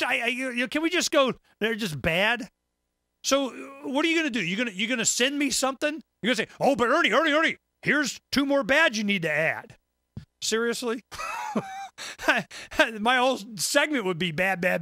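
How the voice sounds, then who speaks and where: A man's voice: sits high, pushed and bright, no echo, studio quality. A man hosting a talk radio show, ranting in an emphatic, rambling way with stammered restarts. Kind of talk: casual talk radio rant.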